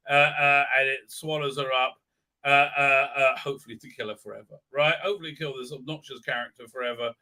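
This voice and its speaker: Sarcastic man with a very bright voice. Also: mid-range voice, steady tone, fairly quick. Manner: sarcastic, crude, many filler sounds. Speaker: live stream host. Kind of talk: ranting pop-culture commentary.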